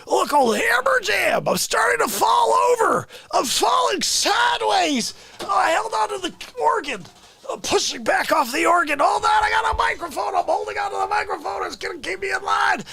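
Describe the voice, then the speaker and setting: A man voicing a sloppy drunk male newsman who keeps toppling over, shouting and lapsing into gibberish. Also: very high-pitched, lively intonation, moderate pace, gravelly, pitched above the performer's own voice, full character voice. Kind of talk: live-stream comedy character bit.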